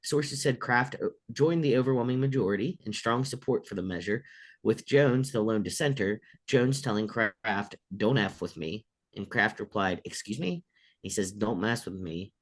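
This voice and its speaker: A man with a lowish voice co-hosts a laid-back sports chat. He reads out league news and then rambles through his takes, stuffing his sentences with "like" and "you know". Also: moderate pace. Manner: rambling, filler-heavy, lots of "like". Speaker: co-host. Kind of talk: casual sports talk, reading news items.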